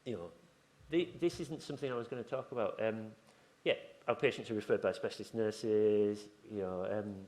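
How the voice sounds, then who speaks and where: A man speaking at a conference in a fairly low voice. He talks in a loose, chatty way, wandering into asides and stories and often restarting his sentences mid-thought. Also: moderate pace, hardly any pauses, darkish tone. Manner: chatty, rambling, self-interrupting with asides and restarts. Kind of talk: informal conference talk. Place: conference room.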